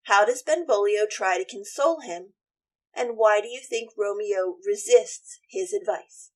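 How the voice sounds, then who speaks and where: A woman's voice: mid-range voice, measured pace. A woman teacher and podcast host retelling a play in a chatty, opinionated way and voicing all the characters herself. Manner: chatty, opinionated, plays every part. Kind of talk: casual literature lesson retelling.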